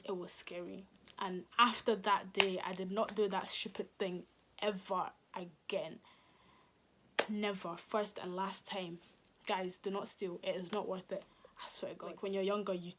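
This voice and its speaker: A woman's voice: medium pitch, background noise. A young adult woman, a vlogger, telling a dramatic storytime in casual slang with some swearing. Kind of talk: storytime vlog.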